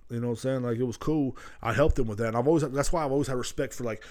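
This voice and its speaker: A man's voice: mid-range voice, rapid-fire, darkish tone. Young guy rambling solo on his podcast, swears every other word, keeps drifting off subject. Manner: profane, loose, jumps between stories. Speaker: podcast host.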